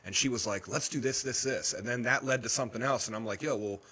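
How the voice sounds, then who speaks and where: A man's voice: medium pitch, fast talker, sharp tone, breathy edge. A man co-hosting a casual podcast, talking in a laid-back, slangy way. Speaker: podcast co-host. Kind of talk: casual chat.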